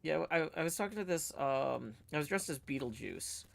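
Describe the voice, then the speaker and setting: A man's voice: on the high side, expressive, moderate pace, gravelly. A man chatting casually on a livestream, rambling through stories with many fillers and restarts. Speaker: streamer co-host.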